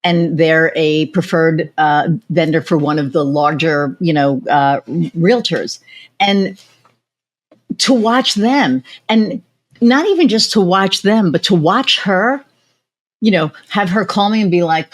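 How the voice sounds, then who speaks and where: Chatty woman podcast host, low voice. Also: a little slow. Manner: animated storytelling, acts out quoted voices. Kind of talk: casual chat.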